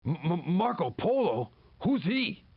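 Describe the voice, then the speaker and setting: An eager young male explorer from a retro video game, chirpy and wide-eyed. The voice is high and bouncy with a husky edge. Quiet game music plays under it. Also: big pitch swings, measured pace, phone-quality sound, full character voice. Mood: curious.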